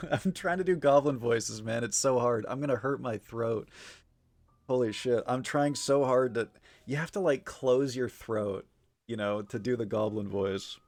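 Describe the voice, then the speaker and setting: A man's voice: medium pitch, steady tone, measured pace, a little mellow. Rambling, filler-heavy male streamer. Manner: rambling, filler-heavy, swears often and laughs easily. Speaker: livestreamer. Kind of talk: casual chat with stream chat.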